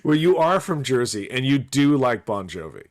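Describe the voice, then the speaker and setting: A man's voice: medium pitch, sing-song, normal speed. A man co-hosting a podcast, chatting casually and teasing his friends with wry remarks. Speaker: podcast co-host. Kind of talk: casual chat.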